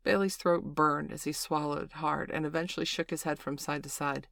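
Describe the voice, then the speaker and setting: Low-voiced woman reading an audiobook. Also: steady tone, normal speed, gravelly, fairly bright tone, no room sound. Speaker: narrator. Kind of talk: scripted audiobook narration.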